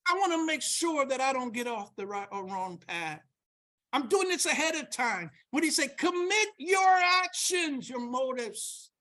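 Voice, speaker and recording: Emphatic high-voiced woman preaching. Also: expressive, a little slow. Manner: emphatic, repeats key words, rises to near-shouts. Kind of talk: sermon with scripture reading.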